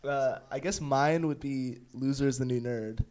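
A young man hosts a relaxed podcast chat with friends. He jokes, mocks himself and laughs easily, in an ordinary mid-range voice. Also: mid-range voice, moderate pace. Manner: laughing, joking, self-mocking. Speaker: podcast host. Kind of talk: casual chat.

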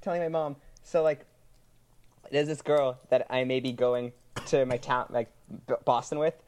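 A man's voice: medium pitch, moderate pace, clear, resonant tone. A young man on a podcast telling a funny personal story, giggling as he goes. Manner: giggly, animated anecdote-telling. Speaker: podcast co-host. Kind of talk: casual storytelling.

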